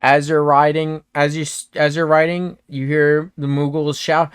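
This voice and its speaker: A man's voice: on the high side, level tone, normal speed, hardly any pauses, clear, resonant tone, dry recording, clean studio sound. A man narrating as game master of a tabletop game, in a laid-back, rambling way with frequent self-corrections.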